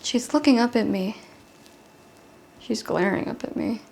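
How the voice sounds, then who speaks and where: Young adult woman, solo storyteller, slightly high pitch, intense and halting. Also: animated, gravelly, darkish tone. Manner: intense, halting, emotional delivery. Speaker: solo comedian. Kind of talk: confessional storytelling monologue. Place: apartment.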